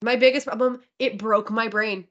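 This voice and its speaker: Bright, lively woman co-hosting a book chat. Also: on the high side, normal speed, muffled recording. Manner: enthusiastic, chatty, swears casually. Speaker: podcast co-host. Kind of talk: casual book-review chat.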